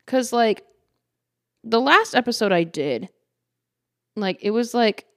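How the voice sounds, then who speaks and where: Taking it slowly in a fairly high voice, a woman chats and giggles through casual storytelling on her own podcast, using lots of "like" and animating it with lively, playful quoted voices. The recording is dry and studio quality.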